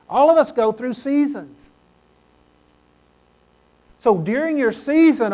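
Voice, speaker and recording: A man preaching a sermon as pastor, emphatic, building to loud praise and calling for amens from the congregation. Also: sits high.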